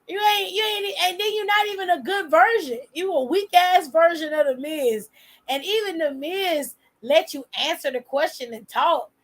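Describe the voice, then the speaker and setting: A woman's voice: high voice, fairly bright tone. A woman giving blunt, sassy and profane casual commentary as a vlog host. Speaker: wrestling commentary vlogger.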